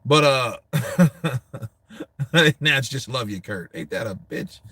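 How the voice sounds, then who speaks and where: A man's voice: medium pitch, animated, slow, pauses often, bright, forceful tone, no echo. An American man hosting a casual boxing show, cursing often, laughing easily, and talking straight to his viewers. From United States. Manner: laughing often, loose and crude, talks to the chat. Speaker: boxing show host reading viewer comments. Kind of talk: casual profane chat.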